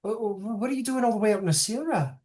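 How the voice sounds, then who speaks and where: A game master voicing an older female elf druid who is bewildered and anxious, talking in halting, stammering restarts. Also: medium pitch, darkish tone, pitched above the performer's own voice, natural voice. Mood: worried. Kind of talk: tabletop role-play.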